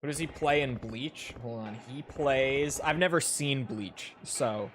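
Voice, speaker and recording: A man's voice: mid-range voice, unhurried, a bit bright, a little hiss or hum. Joking, foul-mouthed young streamer man. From Minnesota. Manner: loose, joking, swears freely. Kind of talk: casual gameplay stream chat. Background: game music.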